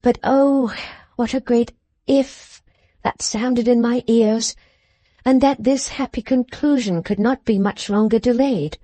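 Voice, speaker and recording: A woman narrating a classic novel as an audiobook, in a measured, composed storytelling manner. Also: on the high side, mellow, no room sound.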